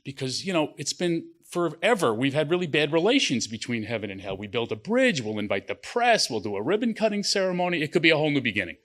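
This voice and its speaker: A man's voice: a little high, fast, few pauses. A man voicing a brash male devil, told as a contractor joke during a panel. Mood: eager pitch. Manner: animated storyteller's quoted voice.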